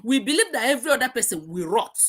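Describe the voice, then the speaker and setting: A middle-aged woman hosts an emotional live-stream talk, talking fast and very animatedly in a slightly high, somewhat bright voice. She preaches with passion, often saying the same things more than once.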